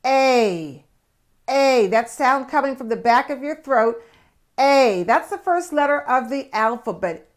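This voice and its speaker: An older woman hosts a children's alphabet lesson with a bubbly, exaggerated, sing-song delivery. Her voice is high for a woman. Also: animated, takes it slowly. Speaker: host, children's teacher.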